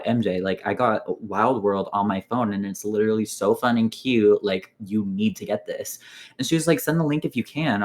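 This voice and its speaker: Animated young man retelling drama. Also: on the low side. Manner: animated retelling, full of "like" and quoted dialogue. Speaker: player in an online strategy game. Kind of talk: casual voice chat storytelling. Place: online voice chat.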